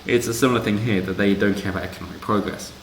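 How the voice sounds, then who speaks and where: Sarcastic man with a low voice. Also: racing, gravelly, slight background noise. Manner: sarcastic, rambling asides. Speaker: commentator. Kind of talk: casual commentary reading news. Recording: roomy echo.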